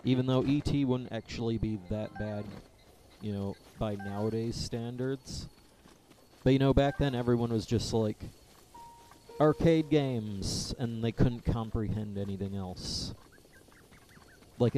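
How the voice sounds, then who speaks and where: A man chatting casually while streaming a game, offhand and relaxed. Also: fairly low pitch, a little hiss or hum. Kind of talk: casual gaming stream chat.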